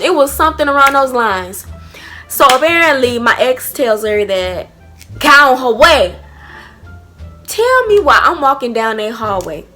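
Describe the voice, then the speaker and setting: A young woman telling a blunt, profane storytime vlog with animated energy. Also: high-pitched. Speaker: vlogger.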